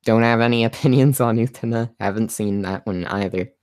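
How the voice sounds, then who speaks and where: Male livestream host, low-pitched and hoarse, halting delivery, dry close recording. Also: darkish tone, dry recording. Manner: halting, many fillers and restarts. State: losing his voice. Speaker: livestream host answering viewer questions. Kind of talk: casual livestream chat.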